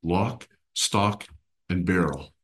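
A man with a fairly low voice leads a Bible study, talking to a small group in a relaxed, conversational way. He keeps turning questions back to his listeners. He slips into quick impressions and expressions to make his points. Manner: animated, acts out voices and expressions while explaining; asks the listeners questions and draws them in.

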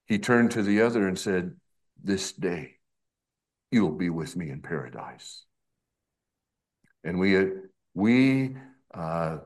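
A middle-aged male pastor preaching an expository sermon, slow and emphatic, with conversational asides. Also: on the low side.

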